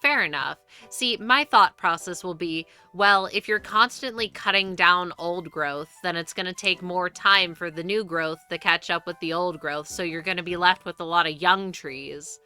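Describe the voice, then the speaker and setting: A woman's voice: lowish voice, moderate pace, few pauses, sharp tone, clear, resonant tone, faint music behind. A young woman streaming live, chatting casually and rambling with frequent restarts and free swearing.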